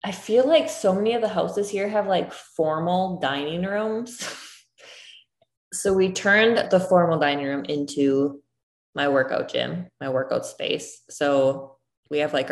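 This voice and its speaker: A woman in her thirties chatting casually, full of "like" fillers. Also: deep voice. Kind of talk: casual chat. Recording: roomy echo.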